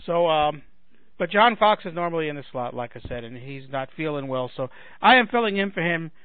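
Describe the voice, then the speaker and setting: A man with a fairly high voice chats casually as a fill-in radio host, rambling and restarting his sentences. He sounds dry and tinny, as if he is on a phone line. His tone is self-deprecating. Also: expressive, a little fast, clear, resonant tone, no echo. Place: home in Chicago.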